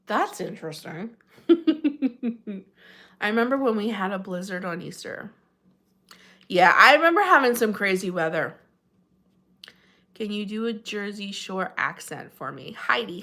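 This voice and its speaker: Speaking a little slowly with long pauses, this livestream host has a mid-range voice, lively intonation and a sharp tone. She chats with viewers from home in New Jersey, reads their comments, laughs a lot, and her voice leaps up as she says hello.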